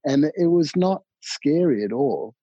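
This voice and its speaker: A man telling a long personal story in casual conversation, animated, often repeating words and swearing freely. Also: fairly high pitch, measured pace, breathy edge, dry recording. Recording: dull, muffled, dry sound.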